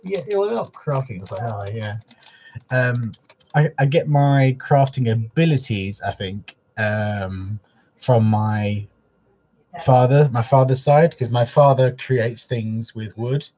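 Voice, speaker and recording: A man hosting a craft livestream from his living room speaks slowly in a warm, mid-range voice. The chat is casual, and he opens up to viewers in an emotional, soppy, talkative way.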